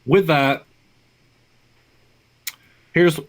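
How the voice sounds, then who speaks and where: A man's voice: fairly high pitch, very slow. A man running a tabletop game as game master, narrating in a rambling, apologetic way. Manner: rambling, apologetic, stumbling restarts.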